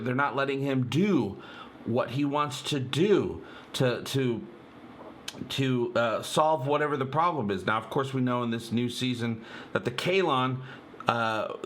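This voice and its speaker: Excitable rambling man breaking down a trailer. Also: mid-range voice, slight background noise. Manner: excitable, rambling, many fillers, addresses viewers as "you guys". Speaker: channel host.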